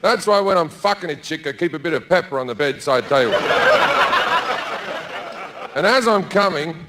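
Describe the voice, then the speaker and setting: Heavy background noise surrounds a middle-aged man doing stand-up at a comedy club, handheld mic in front of a live audience. His slightly high voice has lively intonation at normal speed as he bluntly tells a crude story laced with swearing.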